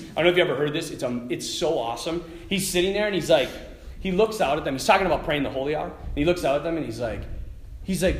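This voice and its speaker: A middle-aged man giving a lively faith talk to a live audience, telling stories and tossing asides to the listeners. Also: a little high. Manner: animated storytelling with asides to the audience. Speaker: Catholic speaker. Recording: echoey hall with faint ambience.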